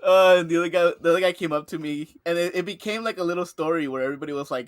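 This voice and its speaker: A young man and podcast co-host telling a work story in casual chat, animated and swearing often, acting out the people he talks about. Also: a little high, very fast, no echo, studio quality. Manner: animated, acts out coworkers in quoted voices, swears often.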